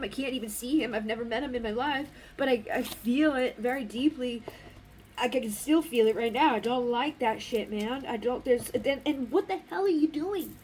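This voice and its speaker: A woman's voice: on the high side, a little mellow, a little hiss or hum. A woman giving a casual oracle card reading, talking in a blunt, rambling way and swearing freely. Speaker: spiritual card reader.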